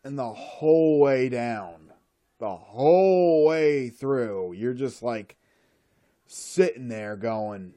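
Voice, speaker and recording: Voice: mid-range voice, expressive, slow pace, mellow. A speaker delivering a solo rant in an exasperated, sarcastic way.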